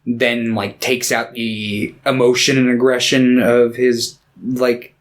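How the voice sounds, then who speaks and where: Man, podcast co-host, casual movie chat, profane, loose retelling, quick put-on voices. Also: medium pitch, flat delivery.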